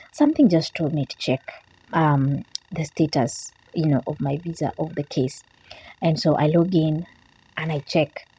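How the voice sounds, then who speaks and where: A woman with a low, husky voice who has just woken up talks straight to her viewers, telling a story in a chatty, animated way. Her tone is mellow and a little breathy. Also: rough recording. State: just woke up. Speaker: vlogger. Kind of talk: casual vlog talk to camera.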